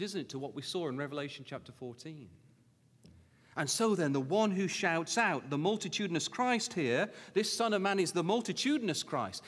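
A man preaching a sermon as a Bible school teacher, earnestly urging his listeners with repeated questions, moving between hushed low scripture reading and raised emphatic exhortation. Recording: hall with long reverb.

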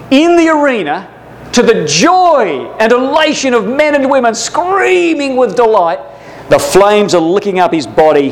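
Male Bible class preacher, high-pitched, fervent, heavy on rhetorical questions. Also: poor audio. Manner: addresses listeners as brothers and sisters.

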